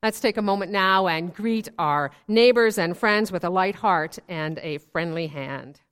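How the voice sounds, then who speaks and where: A woman leading a worship service, telling light jokes as a gentle storyteller. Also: fairly low pitch, unhurried, clear, resonant tone. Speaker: worship leader.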